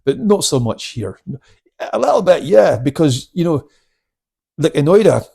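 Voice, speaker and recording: A Scottish man in his sixties, a karate instructor, telling stories in casual chat, salty and quick to swear. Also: a little high, very animated, mellow. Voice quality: gravelly, husky. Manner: salty, swears freely, laughs often.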